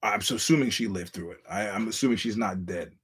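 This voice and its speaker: A man's voice: lowish voice, fast talker, husky. A man hosting a solo podcast, ranting bluntly and swearing often. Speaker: podcast host.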